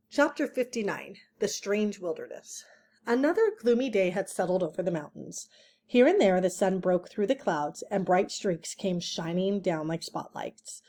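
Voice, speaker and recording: A woman's voice: mid-range voice, animated, moderate pace, a little mellow. A woman reading a children's book aloud, adding chatty asides and correcting her own slips. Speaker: reader.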